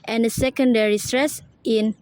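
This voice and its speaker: A young woman, a university student, presenting a lesson and slowly repeating example words several times each. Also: a little high, steady tone, darkish tone. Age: young adult. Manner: slow, drawn-out repetition of example words. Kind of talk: read-aloud class presentation.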